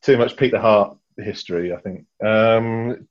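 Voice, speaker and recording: Low-voiced man, hesitant, um-heavy, lo-fi podcast. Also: fairly even intonation, a little slow. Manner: hesitant, lots of ums, chuckling. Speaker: podcast panelist. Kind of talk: casual panel chat.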